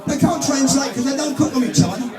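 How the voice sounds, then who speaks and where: Crude, sweary male compere with a very high voice, working a rowdy dinner crowd. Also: quick pace. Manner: swearing, joking, laughing at own gags. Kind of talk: crude stand-up comedy routine. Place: function room at an evening dinner. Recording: echoey function room with music and crowd.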